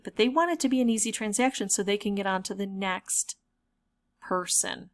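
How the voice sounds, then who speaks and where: A woman who makes gaming videos, giving playful, wry commentary with an amused, explanatory manner. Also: mid-range voice. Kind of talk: playful commentary reading chat messages aloud.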